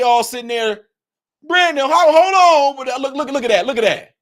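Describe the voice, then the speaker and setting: A man's voice: very high-pitched, animated, normal speed, fairly bright tone. A man hosting a political commentary livestream, talking emphatically and repeating himself as he answers his chat directly. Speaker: livestream host.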